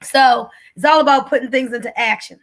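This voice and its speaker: A woman host telling a personal testimony in casual talk, animated and emotional, her voice rising when she is moved. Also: high-pitched, brisk. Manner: animated, gets emotional, raises her voice at the peak of the story.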